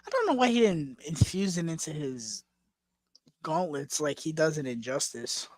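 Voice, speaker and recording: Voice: medium pitch, sing-song, normal speed, no room sound. A co-host on a casual movie watchalong podcast, joking and reacting to the film.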